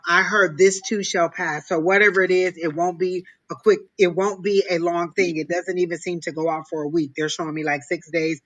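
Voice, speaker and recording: A woman reading tarot cards on a live stream. She speaks in a measured, thoughtful way, pausing often to gather her thoughts. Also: fairly low pitch, sharp tone, poor audio. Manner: measured, thoughtful, many pauses and ums. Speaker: tarot reader and co-host.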